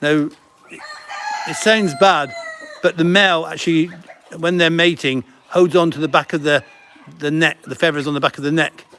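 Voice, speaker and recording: A middle-aged man hosting a casual live stream from a farm, chatting warmly about the animals with giggles and cooing baby-talk at them. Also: fairly high pitch, steady tone, normal speed, clear, resonant tone. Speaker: farm centre host. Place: outdoors on a farm.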